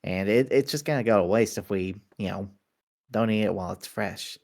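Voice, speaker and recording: A stubborn, easygoing adventurer with a lowish voice, casually defending whatever he eats. A man voices him in a tabletop game. His tone stays loose and defensive. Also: a little fast, darkish tone, close to an everyday voice. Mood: coaxing. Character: cheerful stubborn man who eats anything.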